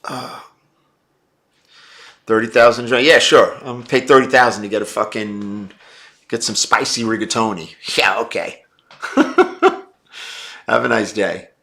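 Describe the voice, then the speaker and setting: A man's voice: lowish voice, fairly even intonation, moderate pace, long pauses, bright, forceful tone. A man hosting a casual live stream, answering viewer chat in a blunt, brash and profane way.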